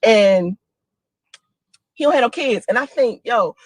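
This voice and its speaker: A woman in her forties telling personal stories in a casual video, animated and often laughing, with dramatic jumps in pitch. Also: unhurried, slightly rough, no room sound. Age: 40s. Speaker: single mother telling stories to a friend.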